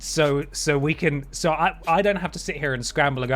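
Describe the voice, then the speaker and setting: Here the same game streamer sounds fairly high and fairly bright, speaking a little quickly with faint music underneath. His casual banter stays wry and chatty, full of playful vocal leaps as he thanks viewers.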